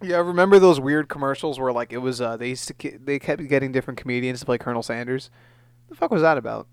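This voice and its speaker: A man's voice: medium pitch, clear, resonant tone, dry recording. A young man co-hosting a casual podcast, rambling through jokes and stories. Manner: rambling, joking, puts on quick voices. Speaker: podcast co-host. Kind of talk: casual chat.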